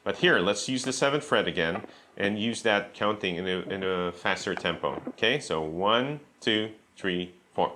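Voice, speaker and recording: Patient low-voiced man teaching guitar. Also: moderate pace, slight background noise. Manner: patient, counts beats aloud, says okay often. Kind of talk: instructional guitar lesson. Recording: loud guitar playing behind the voice.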